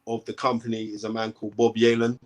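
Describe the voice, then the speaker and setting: A man's voice: lowish voice, completely flat delivery, quick pace. A man, a boxing commentator, talking emphatically as a guest and often checking in with "right?". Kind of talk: animated interview talk.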